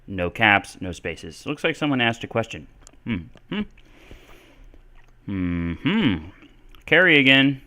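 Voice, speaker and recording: A man's voice: mid-range voice, big pitch swings, takes it slowly, pauses often, bright, forceful tone. A man answering English questions on a live stream, casual and thinking aloud with lots of fillers. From Texas. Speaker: English teacher.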